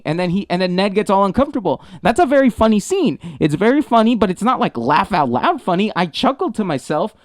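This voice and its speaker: A man with a fairly high voice rambles through a casual film review, full of fillers and profanity. He talks close on a podcast mic in a dry, dead room. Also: very animated, fast talker, few pauses, dry recording. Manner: rambling, profane, exasperated teasing. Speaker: podcast co-host.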